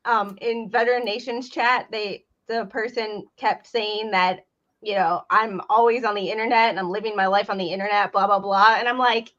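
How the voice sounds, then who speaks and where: A woman's voice: medium pitch, fairly even intonation, moderate pace, a bit bright, lo-fi sound. A woman hosting a casual livestream chat from home, talking loosely and laughing between remarks. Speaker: host.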